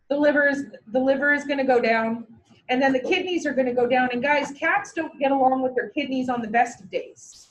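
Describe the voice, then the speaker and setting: A woman teaching veterinary technicians in a classroom, blunt and joking with an emphatic delivery, in an echoey room with the mic far away. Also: sits high. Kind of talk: classroom lecture.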